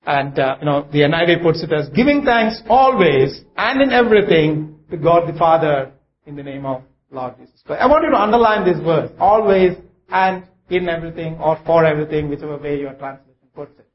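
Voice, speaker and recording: A man preaching a sermon to a congregation, halting, with many fillers and restarts. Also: a little high, animated, roomy sound, muffled recording.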